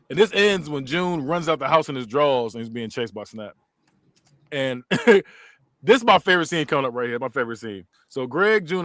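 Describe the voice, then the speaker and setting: Laughing guy w retelling a movie, bright voice, real animated, dry close sound. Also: no echo. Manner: laughs often, acts out quotes with big pitch jumps. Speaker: podcast host. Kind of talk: casual movie review chat.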